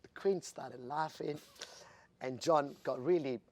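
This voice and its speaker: A man in his fifties from Italy, a jockey telling stories in an interview, animated and laughing, acting out quoted voices. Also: on the high side, unhurried. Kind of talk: storytelling in an interview.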